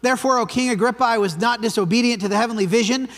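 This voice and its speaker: A man's voice: extremely high pitch, rapid-fire, a bit bright. A man preaching a sermon in a church, talking conversationally and often checking in with "right?". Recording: church hall with long reverb.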